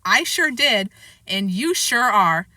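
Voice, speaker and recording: An exasperated preteen big brother voiced by a woman with a bright, teasing, sarcastic lilt. His delivery is lively and dry. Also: on the high side, slow pace, dry recording, exaggerated voice.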